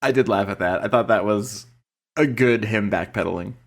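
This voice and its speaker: A man co-hosting a podcast who chats casually, with joking and expressive reactions. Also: lowish voice, moderate pace, gravelly. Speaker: podcast co-host. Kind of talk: casual chat.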